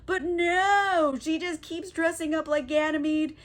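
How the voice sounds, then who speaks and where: High-voiced woman, rambling and exasperated. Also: fairly even intonation. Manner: rambling, exasperated, laughing, acts out quick character voices. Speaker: book reviewer. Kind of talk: casual comedic recap.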